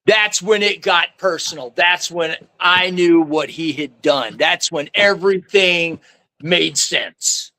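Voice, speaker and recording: A man's voice: fairly high pitch, takes it slowly, bright, forceful tone, no echo. A man telling his faith testimony as a guest, in a rambling, slangy way, often saying "man" and "like". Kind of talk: casual storytelling.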